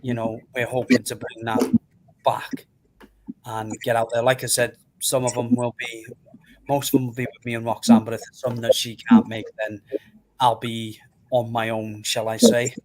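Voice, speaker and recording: A man's voice: medium pitch, little pitch movement, normal speed, darkish tone, low-quality recording. A man co-hosting a casual paranormal show, laid-back and self-mocking. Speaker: co-host, paranormal investigator. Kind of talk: casual chat.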